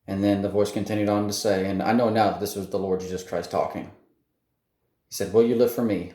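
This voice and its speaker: A man with a low, mellow voice tells his personal faith testimony off the cuff. He speaks haltingly, full of fillers and restarts. The recording sounds echoey, as if made in a bare room. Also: little pitch movement.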